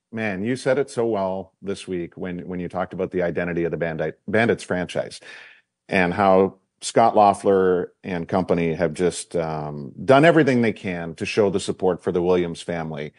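A man with a lowish voice hosting a sports talk show, speaking at a measured, reflective pace. The sound is dry and close. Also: darkish tone, dry recording. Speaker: co-host. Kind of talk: casual sports chat.

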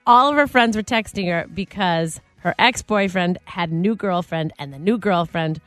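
A woman co-hosting a radio show in casual banter, chatty and animated, laughing often and acting out quotes. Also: on the low side, moderate pace, no echo, soft background music.

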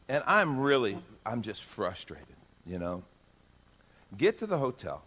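Animated man preaching with a story. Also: mid-range voice, husky. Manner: animated, acts out dialogue in the story. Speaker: pastor. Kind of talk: sermon storytelling. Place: church.

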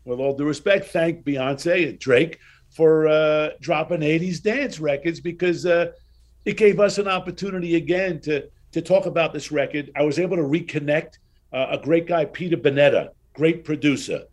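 A man in his sixties, a guest in an interview, telling anecdotes in a casual, animated way and acting out the dialogue. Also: a little high, normal speed.

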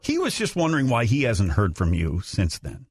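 A man hosting a radio show, questioning callers in an animated, probing way. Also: medium pitch, moderate pace, breathy edge, no room sound, clean studio sound. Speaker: radio host. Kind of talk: morning radio chat.

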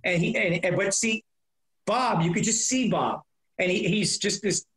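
Rambling high-voiced man in casual chat. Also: a little slow, fairly bright tone, rough recording. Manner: rambling, with many restarts and repeated words. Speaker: guest, prank-call comedian.

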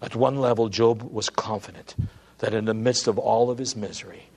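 A man preaching a sermon, moving between hushed, quiet lines and impassioned, emphatic declarations. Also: fairly low pitch, steady tone, normal speed. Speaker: pastor.

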